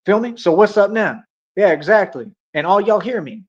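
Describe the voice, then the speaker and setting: Young dude ranting on his stream, high pitched, cocky street talk, kinda muffled lo-fi audio. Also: lively intonation, normal speed. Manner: boastful, confrontational, slangy street talk. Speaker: livestream host. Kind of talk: ranting livestream monologue.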